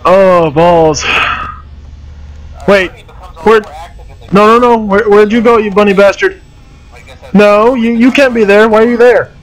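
A man's voice: sits high, a little slow, long pauses, rough recording. A young man streaming a horror game over a headset mic, swearing and laughing nervously as he panics. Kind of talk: live gameplay commentary.

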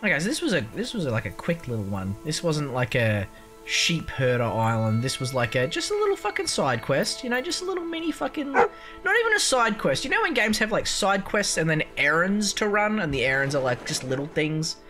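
A man's voice: on the high side, very animated, brisk, bright, forceful tone, faint music behind. Rambling, swearing man playing a game. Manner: rambling, profane and joking. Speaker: gaming channel host. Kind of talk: casual let's-play commentary.

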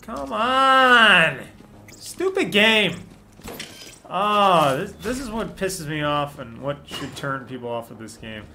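A man narrating his own gameplay in a slow, drawn-out way, his voice gravelly and bright. His pitch jumps widely as he grumbles and swears at the game. Soft game music plays underneath. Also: big pitch swings, a little hiss or hum. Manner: frustrated, swearing and muttering at the game. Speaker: gaming channel host. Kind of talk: gameplay commentary.

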